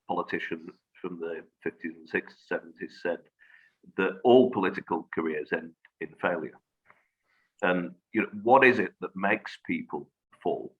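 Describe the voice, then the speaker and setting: A man speaking as a guest in a reflective conversation, measured and thoughtful, pausing on fillers. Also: deep voice, a bit bright. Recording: dull lo-fi audio.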